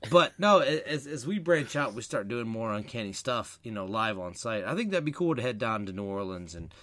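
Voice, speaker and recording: A man's voice: mid-range voice, no echo. A man from Ohio co-hosting a podcast, chatting casually and joking in a teasing way. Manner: jokey, animated, quick to tease. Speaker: podcast co-host.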